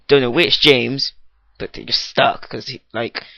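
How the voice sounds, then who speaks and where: Teen guy rambling a silly rant, keeps cutting himself off, bright voice, no room echo at all. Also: mid-range voice, steady tone, measured pace, creaky, dull audio. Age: teens. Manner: rambling, goofy, self-interrupting. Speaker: vlogger. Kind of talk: improvised comic rant. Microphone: testing a new microphone.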